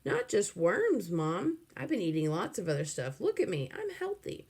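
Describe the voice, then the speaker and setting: A woman reading aloud and voicing a feisty boy, loud and indignant. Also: on the low side, wildly swooping pitch, normal speed, slightly rough, exaggerated voice. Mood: pleading. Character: feisty boy in a worm-eating bet.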